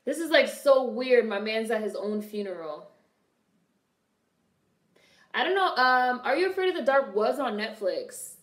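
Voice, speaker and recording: A woman's voice: on the high side, animated, measured pace, long pauses, a bit bright, echoey room. A young woman casually commenting on a film during a live stream, swearing freely and answering her chat. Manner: chatty, swearing, reads and answers viewer chat.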